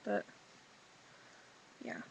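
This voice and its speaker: A woman's voice: very slow, a little hiss or hum, rough recording. A teenage girl who is sick, reading her journal aloud and then chatting in a rambling way full of fillers. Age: teens. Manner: rambling, filler-heavy teen talk. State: sick, voice lower than usual. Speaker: vlogger. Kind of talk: reading a journal entry, then casual confessional chat.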